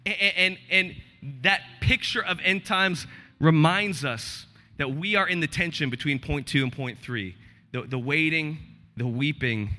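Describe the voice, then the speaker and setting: A male pastor in his thirties preaching a sermon in a large church, moving from hushed confession to loud, emotional peaks. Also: a little high, normal speed. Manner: impassioned, swings from hushed to shouting. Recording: long church hall reverb.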